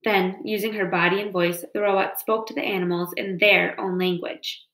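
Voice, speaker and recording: A woman's voice: mid-range voice, steady tone, normal speed, few pauses, a bit bright. A woman reading a children's novel aloud in a storytelling manner. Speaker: reader. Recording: roomy echo.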